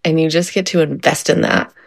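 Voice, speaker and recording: A woman's voice: low voice, steady tone, fairly quick, creaky, no room sound, studio quality. A woman speaking upbeat in casual conversation, laughing along. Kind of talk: casual chat.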